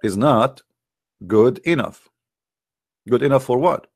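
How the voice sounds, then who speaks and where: A man's voice: mid-range voice, lively intonation, slow, a little mellow, faint music behind. A man hosting a religious debate, talking in a mocking, emphatic way with a lot of repetition. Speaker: debate host. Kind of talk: argumentative religious debate talk.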